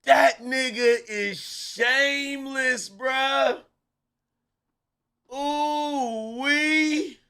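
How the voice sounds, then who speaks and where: A man's voice: extremely high pitch, fairly even intonation, very slow, sharp tone. A man in his forties or fifties hosting a commentary channel, reacting to a clip in casual, slangy talk and laughing a lot. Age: 40s to 50s.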